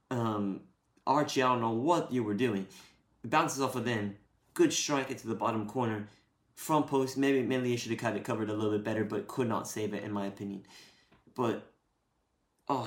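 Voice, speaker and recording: Annoyed guy venting about a match, blunt, swears a lot, mid pitched, roomy echo. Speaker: football fan podcaster. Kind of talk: post-match rant.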